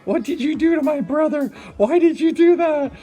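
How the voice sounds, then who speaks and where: A man voicing his angry young sister, shrill and yelling threats, as he retells a story over music. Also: moderate pace, natural voice. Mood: furious.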